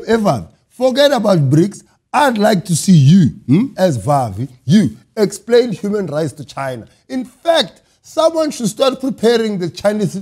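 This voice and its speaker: A young South African man hosts satirical news in a high, lively voice that swoops up and down. His tone is mellow and warm, and his delivery is mocking and teasing, full of playful asides. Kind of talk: comedic news monologue.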